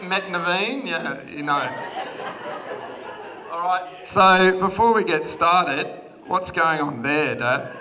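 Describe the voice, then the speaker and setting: A crowd of guests makes for a noisy background in the large reception hall as the Australian groom, in his thirties, gives his speech in a high voice. He's chatty and self-deprecating and laughs a lot.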